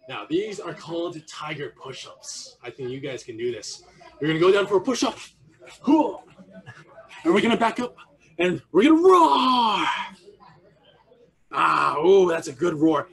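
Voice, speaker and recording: A man teaching an online martial arts class for kids, playful and encouraging, leading exercises with silly animal noises over a video call. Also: sits high. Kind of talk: energetic online kids' class.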